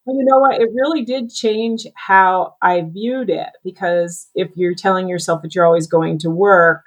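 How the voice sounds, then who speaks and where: Woman, very low voice, thoughtful, hesitant, lots of fillers. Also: measured pace. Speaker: guest, psychic medium. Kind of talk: casual conversation.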